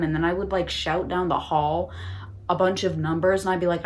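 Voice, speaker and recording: Recorded with a bit of hiss or hum, this fast, lowish female voice belongs to a vlogger in her twenties chatting to a tripod-mounted phone at home. Her talk wanders, heavy on "like," with sarcasm and swearing sprinkled throughout.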